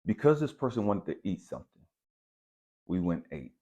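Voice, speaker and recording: A man's voice: sits low, moderate pace. A man telling a personal story in a casual, conversational way, mixing slang with spiritual reflection. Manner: relaxed, conversational, uses slang like bet and dap. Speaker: channel host.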